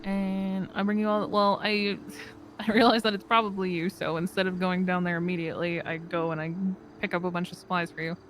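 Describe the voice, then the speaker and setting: A fellow player recounting events in character during a game roleplay, rambling and quoting others with quick laughs. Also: mid-range voice, level tone, a bit bright, soft background music. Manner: rambling storyteller, quotes others, laughs mid-sentence.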